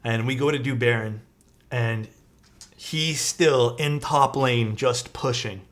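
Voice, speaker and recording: This young man talks slowly in a mid-range, slightly bright voice, rambling through a casual story as he builds a keyboard on stream. Lots of "like" and some swearing come through, with faint music behind him.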